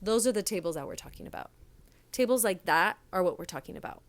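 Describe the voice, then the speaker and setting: A young woman hosts a casual solo podcast, talking fast in a medium-pitched voice. She serves in restaurants and once managed one, and she tells her stories in a blunt, sassy way, bringing quoted voices to life.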